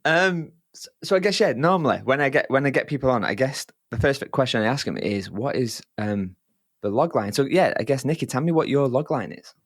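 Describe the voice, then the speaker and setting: A man's voice: medium pitch, fast, few pauses, no room sound. Male podcast host, easygoing, repeats himself, dry close sound. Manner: relaxed, repeats phrases, friendly. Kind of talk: casual podcast interview.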